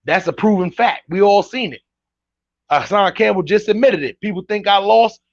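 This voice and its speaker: A man hosting casual reaction commentary, animated and incredulous, talking straight to his chat. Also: sits high, normal speed, no echo, lo-fi sound. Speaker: commentary host reacting to clips.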